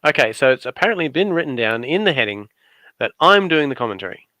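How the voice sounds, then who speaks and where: An Australian man with a bright, forward voice trades dry, teasing jokes as a livestream commentator. The sound is close and dry, with no room echo at all. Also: mid-range voice, very animated, fast talker. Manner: playful, teasing, dry asides. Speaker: guest commentator on a craft livestream. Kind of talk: casual joking livestream commentary.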